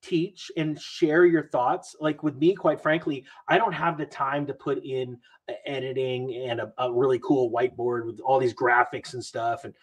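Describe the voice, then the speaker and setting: A man talking about money and markets as a podcast guest in a rambling, animated way, acting out what other people say. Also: mid-range voice, normal speed. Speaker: guest investor commentator. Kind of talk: casual podcast chat.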